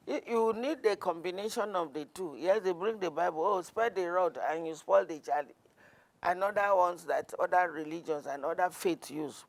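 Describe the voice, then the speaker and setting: A woman's voice: on the low side, gravelly. A woman counsellor speaking earnestly in an interview, telling stories from her clinic with frequent restarts. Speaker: guest counsellor. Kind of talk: conversational interview.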